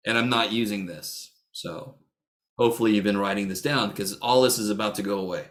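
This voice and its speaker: A man's voice: lowish voice, steady tone, fairly quick, fairly bright tone. Joking, blunt-talking male math teacher. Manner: joking, blunt, swears freely; teasing students by name. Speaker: math instructor. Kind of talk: casual online lecture. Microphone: video call.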